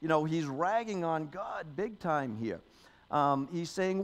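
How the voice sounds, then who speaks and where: Slightly high and expressive, this man's voice takes its time as he preaches. The pastor keeps things conversational with frequent "okay?" and "you know," reading scripture aloud emphatically.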